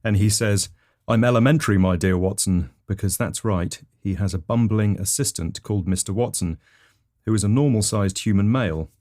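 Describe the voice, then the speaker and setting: A man with a fairly low voice tells surreal comic stories on a podcast. His delivery is deadpan and rambling, and he plainly states ridiculous things as if they were facts. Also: moderate pace. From England. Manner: rambling, matter-of-fact delivery with self-corrections. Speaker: comedy podcast host. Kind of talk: deadpan absurd storytelling.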